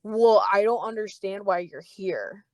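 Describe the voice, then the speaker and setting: A woman voicing an indignant, hot-tempered restaurant boss man who snaps back in curt, defensive lines. He speaks at a middle pitch, in a dry, close podcast sound. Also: expressive, measured pace, darkish tone, no echo, lightly acted. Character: angry, defensive male restaurant owner.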